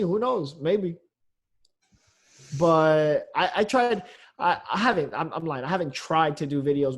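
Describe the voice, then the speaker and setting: A man, a comedian, chatting casually on a podcast in a loose, rambling way, full of fillers and the odd curse. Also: on the high side. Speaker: comedian guest.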